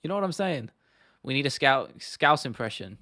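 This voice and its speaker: Young male streamer, mid-pitched, easygoing and sweary, dry close mic. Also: expressive, normal speed, bright, forceful tone, no echo. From United Kingdom. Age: 20s. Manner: laid-back, sweary, laughs often. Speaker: livestream host. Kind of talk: casual livestream Q&A.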